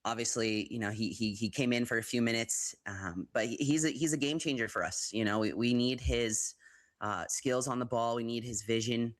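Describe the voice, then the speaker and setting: A man's voice: medium pitch, moderate pace, no room sound. A man from the United States talking football as a guest pundit on a live show, hesitant and full of fillers and restarts. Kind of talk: live football commentary chat.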